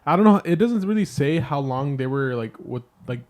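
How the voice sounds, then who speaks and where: A man's voice: a little high, lively intonation, moderate pace, darkish tone. A man casually retelling a film plot on a podcast, rambling with lots of "like" and swearing. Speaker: podcast co-host. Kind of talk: casual movie review chat.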